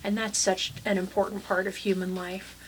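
In a casual faith discussion, a woman pastor talks thoughtfully and without hurry, pausing, circling back and using many soft fillers. Her voice is middle-pitched and level; the low-quality recording carries a faint hiss.

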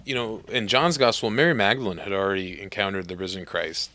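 A man talking through a gospel passage in a relaxed conversation, thinking aloud with restarts and often checking for agreement. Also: fairly low pitch, fairly quick. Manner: thoughtful, frequent restarts, asks for agreement with "right?". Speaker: clergy discussing scripture. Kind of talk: casual theological conversation.

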